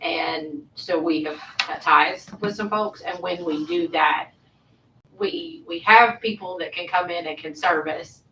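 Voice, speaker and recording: Bright-voiced woman, distant in echoey room. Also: fairly low pitch, slight background noise. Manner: deliberate, listing. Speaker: waste contractor representative. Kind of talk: explaining at meeting.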